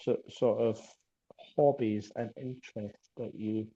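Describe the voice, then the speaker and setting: A man's voice: on the low side, fairly even intonation, measured pace, warm tone, dull audio. A man with a Scottish accent hosting a podcast, chatting in a jokey way with lots of stammering restarts. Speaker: podcast host. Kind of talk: casual chat interview over a call.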